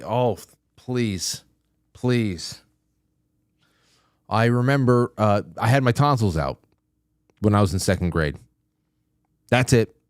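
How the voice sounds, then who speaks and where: A lower-voiced man with a smooth, resonant tone hosts a casual talk radio show. He speaks loosely and conversationally into a close studio mic, with a dry sound. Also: no room sound.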